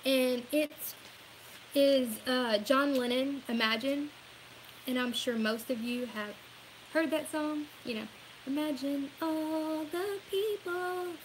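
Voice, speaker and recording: A woman with a Louisiana accent speaks in a high voice, rambling through a casual opinion vlog. She is earnest, says y'all a lot and laughs at herself now and then. A faint hiss runs under the recording. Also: steady tone, slow, rough recording. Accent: Southern US, Louisiana. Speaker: political vlogger.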